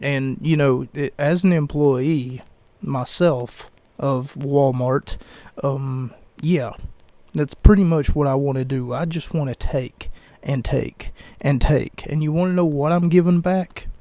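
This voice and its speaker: A young man talking slowly and evenly in a mellow, low-key voice, hosting his own podcast. He rambles, hesitates and corrects himself often. The sound is dry and close. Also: steady tone, dry recording. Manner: slow, halting, many fillers and self-corrections. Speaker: podcast host reviewing wrestling events. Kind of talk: casual rambling podcast commentary.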